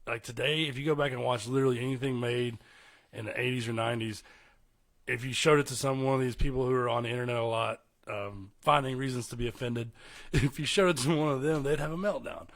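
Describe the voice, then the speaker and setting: A man's voice: mid-range voice, steady tone, fast. A man from East Texas, hosting a podcast in casual, rambling interview chat. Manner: rambling, chuckles often. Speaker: podcast host.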